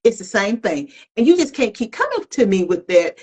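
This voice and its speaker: With a slightly rough, mid-range voice at normal speed, a middle-aged woman co-hosts a podcast on poor audio. She's animated and colloquial, speaking candidly and reflecting on herself in casual chat.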